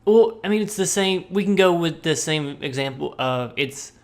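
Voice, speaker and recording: A man's voice: a little high, animated, normal speed. A man co-hosting a casual podcast, gushing enthusiastically. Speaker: podcast co-host. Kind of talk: casual chat about video games.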